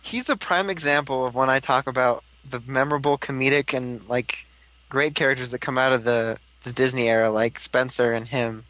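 A man's voice: mid-range voice, steady tone, normal speed, fairly bright tone. A man in casual fan chat on a podcast, enthusiastic and laughing often as he acts out quotes. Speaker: podcast co-host.

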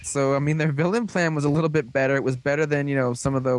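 Brief: young male host, casual sarcastic recap, lots of ums, mid-pitched, dry close sound. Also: steady tone, quick pace, few pauses, dry recording. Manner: rambling, filler-heavy, sarcastic. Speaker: show host.

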